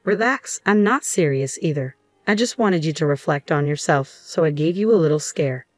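Controlling husband, condescending, sneering , voiced by a woman, low-pitched, dry sound. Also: lively intonation, normal speed, no room sound, soft background music. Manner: barking, sneering.

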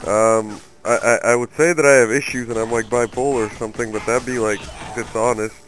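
A man's voice: mid-range voice, steady tone, a little fast, soft background music, low-quality recording. A young man hosting a let's play, giving angry, profane, rambling commentary while he plays. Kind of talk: profane gaming commentary rant.

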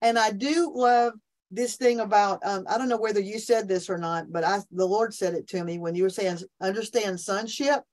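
A woman's voice: mid-range voice, steady tone, moderate pace, darkish tone. A woman talking about faith in an enthusiastic, preachy way on a remote call from her office, often restarting her sentences. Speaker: podcast guest, minister. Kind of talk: animated faith conversation.

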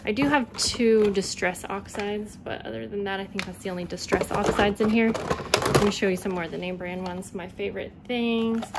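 A woman in a casual vlog, talking quickly and loosely through her craft supplies, with lots of fillers. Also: medium pitch, fairly even intonation. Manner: chatty, quick, rambling with fillers. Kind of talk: casual show-and-tell vlog. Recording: loud background noise.

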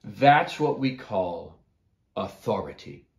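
Slow, animated male Bible teacher. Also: mid-range voice. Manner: asks the listeners questions, animated storyteller. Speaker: children's Bible class teacher. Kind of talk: storytelling lesson for children. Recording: echoey room.

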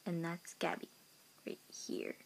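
A woman telling a storytime vlog to camera, excitable and rambling, with many restarts and repeats. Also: a little slow, slight background noise. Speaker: vlogger.

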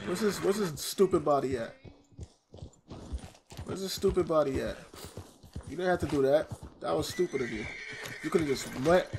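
A young man giving excitable, slangy let's-play commentary while gaming. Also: fairly high pitch, background noise. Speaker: gamer.

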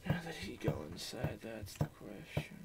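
A man's voice: on the high side, lively intonation, unhurried, gravelly, heavy background noise. A young man giving profane, joking commentary while playing a game for his channel. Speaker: gaming YouTuber. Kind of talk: let's play commentary.

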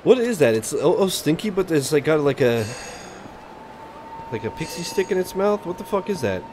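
A man's voice: on the high side, expressive, moderate pace, noisy background. A young man casually commentating a game he plays on stream, loose and profane, laughing and reacting to chat as he gets sidetracked. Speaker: gaming streamer. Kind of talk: casual let's-play commentary.

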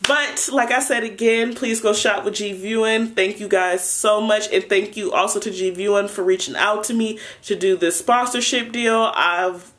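A young adult woman chatting through a casual unboxing vlog, excitable and playful with lots of slang. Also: medium pitch. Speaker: vlogger.

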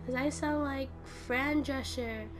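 A woman with a hoarse voice from a cold, rambling and self-deprecating while she plays and comments on a fighting game. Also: high-pitched, steady tone, slow, music in the background. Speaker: gaming YouTuber. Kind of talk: casual commentary while playing.

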